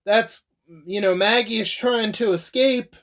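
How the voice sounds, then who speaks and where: Brief: high-pitched young male reviewer, slow loose delivery, laughs and curses through a show recap. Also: fairly bright tone. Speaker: TV episode reviewer. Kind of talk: casual spoken recap.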